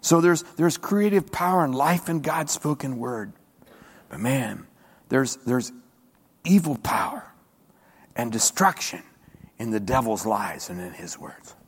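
A male pastor preaching a sermon in a church. His delivery swings from low murmuring to high shouting, and he often repeats words. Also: big pitch swings, measured pace, pauses often, breathy edge, long reverb tail.

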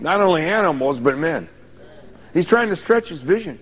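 A man's voice: high-pitched, lively intonation, moderate pace, fairly bright tone. A man preaching a sermon, retelling scripture in a folksy, conversational way with many asides. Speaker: pastor. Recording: long hall reverb.

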